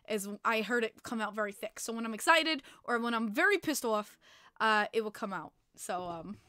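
Casting: woman, upbeat stream host, a bit high-pitched, swears casually, dry studio sound. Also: smooth, no room sound. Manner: excitable, swears freely, laughs often. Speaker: hockey podcast host. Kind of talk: casual live-stream chat reading viewer comments. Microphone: plugged-in desk microphone.

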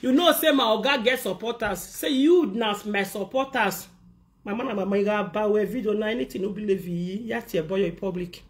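A woman with a Nigerian Pidgin accent, delivering an animated, scolding rant to the camera as a vlogger. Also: medium pitch, a little fast. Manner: scolding, animated, acts out others' words. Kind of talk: ranting monologue to camera.

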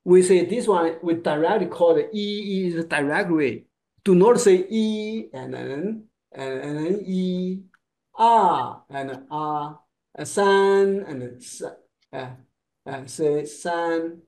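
A male Chinese pronunciation teacher whose first language is Chinese, speaking English in short broken phrases and modeling sounds slowly. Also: fairly high pitch, darkish tone. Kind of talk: one-on-one lesson.

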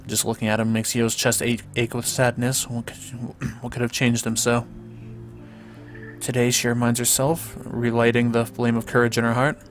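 Man, let's play commentator, dead-flat reading voice, faint music underneath. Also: medium pitch, moderate pace. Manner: flat, even reading with small stumbles. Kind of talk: reading visual novel text aloud with casual commentary.

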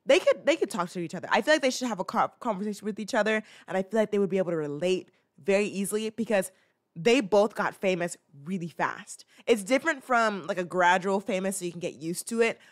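This woman talks fast in an animated, mid-range voice as she hosts a show and reacts casually to a clip. She rambles chattily with many fillers and restarts, acting out playful little scenes.

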